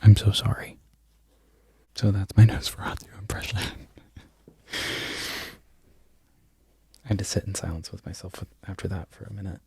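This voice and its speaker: A man in a whispered ASMR ramble who loses his train of thought and laughs softly at himself. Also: deep voice, steady tone, normal speed, creaky, pauses often, breathy edge. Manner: mostly unvoiced whisper. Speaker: crochet content creator.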